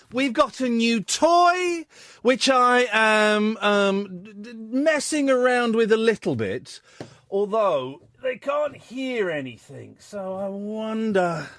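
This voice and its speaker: A man's voice: high voice, animated, slow pace, a bit bright, faint music behind. A man hosting live late-night radio from a studio, chatty and jokey, flustered by fiddly technology. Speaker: radio host. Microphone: studio microphone.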